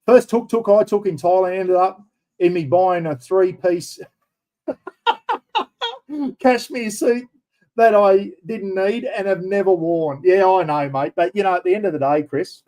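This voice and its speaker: A middle-aged Australian man hosting a casual livestream from his computer room. He rambles and calls everyone "mate". His voice sits a little high but has a dark, mellow tone. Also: normal speed, rough recording. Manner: chatty, rambling, frequent "mate". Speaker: livestream host. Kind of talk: casual livestream chat reading viewer comments.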